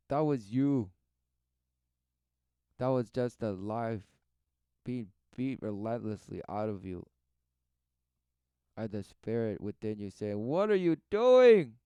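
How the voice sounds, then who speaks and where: Brief: male commentator, preachy and emphatic, smooth clear voice, dry close sound. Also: on the low side, slow pace, pauses often, warm tone, dry recording. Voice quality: exhorting, emphatic preaching manner. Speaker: commentator reacting to a video.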